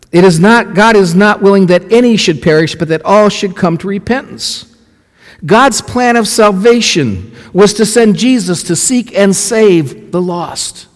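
High-voiced man preaching in a reverberant church. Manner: asks the congregation questions, lively storytelling with acted quotes. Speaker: pastor. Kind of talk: sermon. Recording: long hall reverb.

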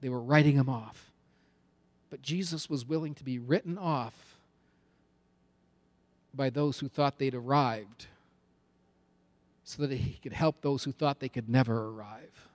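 A man's voice: medium pitch, unhurried, pauses often, a little mellow. A man preaching a sermon with an emphatic, repetitive cadence.

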